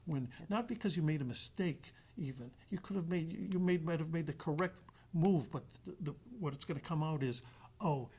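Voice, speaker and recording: A man telling a story in a casual podcast chat, animated and often restarting his sentences. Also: on the high side, brisk, slightly rough. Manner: animated, acts out quoted voices, trails off and restarts.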